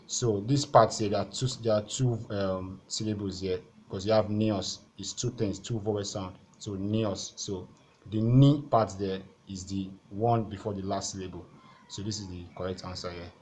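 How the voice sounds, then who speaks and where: A man's voice: lowish voice, steady tone, moderate pace, darkish tone, a little hiss or hum. A man, tutoring for exams and walking through questions on screen, repeating each rule step by step. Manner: methodical, repeats key points step by step. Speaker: exam-prep tutor. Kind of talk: explaining over on-screen exam questions.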